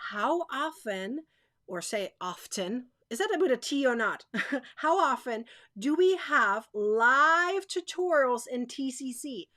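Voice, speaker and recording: A woman's voice: sits high, big pitch swings, normal speed, fairly bright tone, no room sound. A woman hosting a live crochet stream, chatting straight to her viewers in a bubbly way, repeating herself and laughing often.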